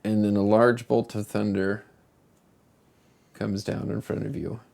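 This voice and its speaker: A man narrates a tabletop game as its game master. His voice is low and gravelly, and he lets each line of the scene unfold slowly. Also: little pitch movement, warm tone.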